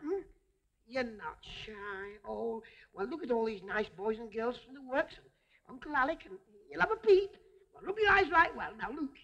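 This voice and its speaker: A woman's voice: on the high side, animated, normal speed, fairly bright tone, dull audio. A woman entertainer performing a comic stage routine, chatting to a teddy bear and fussing over it, coaxing and laughing as she goes.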